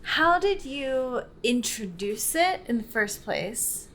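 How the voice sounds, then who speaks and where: Young woman, podcast co-host, curious, animated, quick to tease. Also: a little high, a little hiss or hum. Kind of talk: casual chat.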